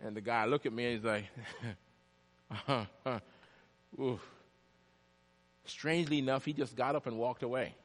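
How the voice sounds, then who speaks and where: A man preaching a storytelling sermon, swinging from loud, high bursts to hushed asides. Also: fast. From Jamaica. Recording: long hall reverb.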